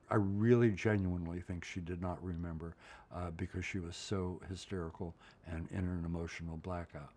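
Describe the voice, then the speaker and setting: In a candid interview, an older Pennsylvanian shares his personal history bluntly and with feeling, often pausing on "right?". He talks at a normal speed in a low, somewhat mellow voice with fairly flat intonation.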